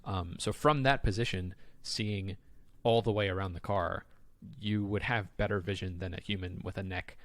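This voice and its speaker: A man co-hosting a podcast, chatting casually and telling stories with lots of fillers, getting excitable as he goes. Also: deep voice, normal speed, no echo. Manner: animated, excitable storyteller with frequent fillers. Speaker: podcast co-host. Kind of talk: casual chat.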